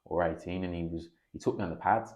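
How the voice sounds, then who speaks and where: A man talks quickly in a deep, low register, rattling through stories. He is a kickboxer and coach in his thirties, chatting casually as a podcast guest, swearing freely and acting out what others said. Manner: animated storyteller, swears freely, acts out quotes.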